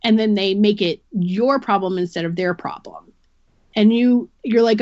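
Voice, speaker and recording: A woman's voice: mid-range voice, normal speed, a little mellow, no room sound, dull audio. A woman guest on a podcast, giving a candid personal account and explaining things earnestly through long analogies.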